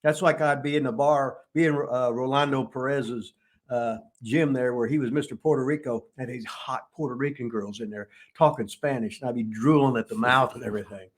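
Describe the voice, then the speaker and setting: An older man hosting a casual podcast, a gruff and joking storyteller who reads messages aloud. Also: medium pitch, steady tone, brisk. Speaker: podcast host and former wrestler.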